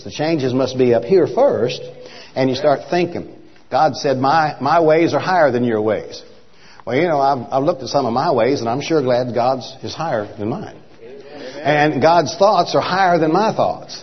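An older man with an Oklahoma accent, a traveling minister preaching in a folksy way, repeating words and building to emphatic rhythmic points. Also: mid-range voice. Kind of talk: sermon. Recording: dull lo-fi church hall recording.

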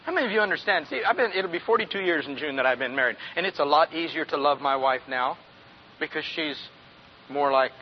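Speaking fast with lively intonation and a fairly high pitch, a sixties-aged male pastor preaches folksy, chuckling often and putting questions to his congregation. Slight background noise sits on a dull, lo-fi recording.

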